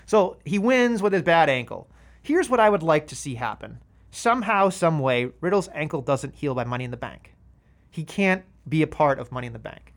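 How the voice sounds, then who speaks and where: A man in casual podcast chat about wrestling, animated and acting out quoted voices. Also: a little high, normal speed.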